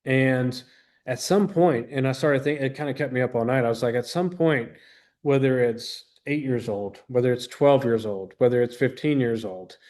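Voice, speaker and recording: A man's voice: mid-range voice, moderate pace, darkish tone. A man in his thirties, a business trainer giving an earnest, rambling motivational talk to an audience, full of restarts and acted-out quotes.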